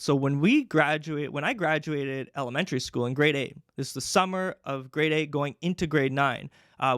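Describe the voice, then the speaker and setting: Brief: young Canadian-raised man, casual storyteller, high-ish voice, dry close mic. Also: fairly bright tone, clear, resonant tone, dry recording. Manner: chatty, many fillers. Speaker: podcast host.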